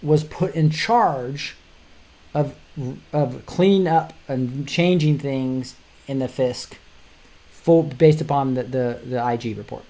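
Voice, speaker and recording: A man's voice: medium pitch, slow pace, dark tone. A middle-aged man hosting a show, talking casually through news articles in a rambling way with frequent restarts and short chuckles. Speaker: show host.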